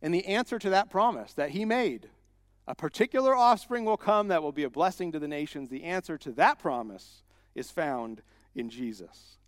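A man preaching a sermon as a pastor, emphatic and rising to loud repeated declarations. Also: a little high, expressive, normal speed, studio quality. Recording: long hall reverb.

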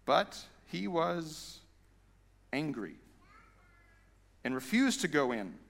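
A male pastor preaching a sermon in a conversational, animated way. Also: fairly high pitch, takes it slowly, vocal fry, big-room sound.

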